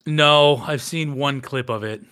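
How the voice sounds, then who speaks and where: Easygoing male co-host type, bright tense tone, short interjections. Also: mid-range voice, measured pace, smooth. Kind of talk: casual chat.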